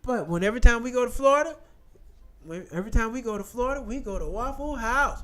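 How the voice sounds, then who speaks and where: A high-pitched man rants his way through the news. His delivery is animated and profane, and he keeps circling back to repeat his points. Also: fast. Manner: animated, profane, repetitive rant. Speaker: commentary channel host. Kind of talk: ranting commentary, reading headlines.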